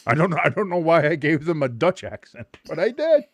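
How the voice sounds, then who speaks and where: A man hosting a live match watch-along in casual chat. He gets excited easily, swears freely, laughs often and shouts at big moments. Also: on the high side, normal speed, dry recording.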